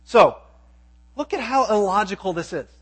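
A man's voice: high voice, animated, moderate pace, husky. A man preaching a sermon, reading scripture and asking his listeners pointed questions. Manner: emphatic, asks the audience questions.

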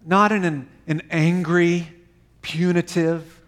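Man, pastor, sermon, fairly high voice, emphatic then hushed. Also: fairly even intonation, slow pace. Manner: dynamic preaching, dropping to soft quiet phrases.

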